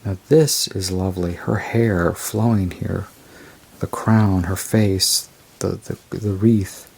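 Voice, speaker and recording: A man with a low, gravelly voice shows off a tarot deck card by card. His delivery is rambling and unhurried, with a husky, slightly rough edge. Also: a little mellow. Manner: rambling and unhurried, describing cards as he goes. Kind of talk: casual show-and-tell review.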